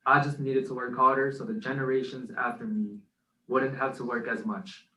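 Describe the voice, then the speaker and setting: Reciting an original spoken word poem with earnest rhythm, this podcast co-host sits off-mic in an echoey room. His mid-range voice moves little in pitch, runs at normal speed, and comes across pushed and bright.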